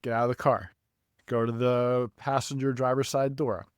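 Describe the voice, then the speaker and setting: Profane, animated podcast storyteller man. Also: medium pitch, normal speed, clear, resonant tone, no echo, studio quality. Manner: animated, profane, laughs at himself. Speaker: podcast co-host. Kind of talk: casual storytelling.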